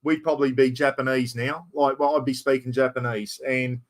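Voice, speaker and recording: A man's voice: mid-range voice, fairly even intonation, brisk. Australian man, calls everyone mate. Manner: rambling, says "mate" constantly. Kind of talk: casual chat.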